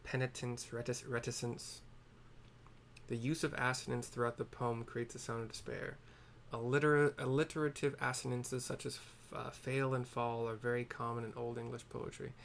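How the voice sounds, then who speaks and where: A man's voice: mid-range voice, flat delivery, moderate pace, gravelly, fairly bright tone, a little hiss or hum. A man narrating a video game casually, chatting and correcting himself as he goes. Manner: chatty, self-correcting asides.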